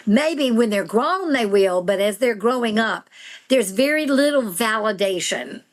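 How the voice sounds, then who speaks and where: A woman's voice: a little high, lively intonation, measured pace. A woman who is a guest on a podcast, speaking in an earnest, encouraging way as a veteran homeschool mom. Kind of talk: podcast conversation.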